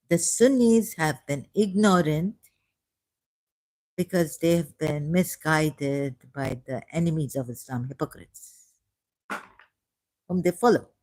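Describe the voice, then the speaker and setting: Woman, low voice, unhurried, sarcastic, casual screen-reading commentary. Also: a little mellow. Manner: sarcastic, mocking. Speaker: video creator.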